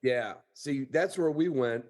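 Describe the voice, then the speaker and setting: A man hosting a hunting podcast over a video call, chatting casually at a middle pitch. He tells stories in a rambling, folksy way, stopping and restarting as he goes. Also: unhurried, darkish tone. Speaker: podcast host. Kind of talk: casual storytelling chat.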